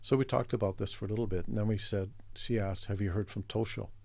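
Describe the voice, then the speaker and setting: Gravelly low-voiced man telling a story. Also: steady tone, fast talker, a little mellow, no echo. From Canada. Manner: reflective, meandering anecdotes with restarts. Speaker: interview guest, artist. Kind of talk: conversational storytelling.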